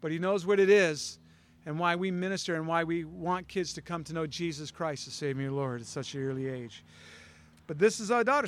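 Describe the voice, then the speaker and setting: A man's voice: fairly high pitch, brisk. A male pastor preaching a conversational sermon, acting out dialogue as he tells stories.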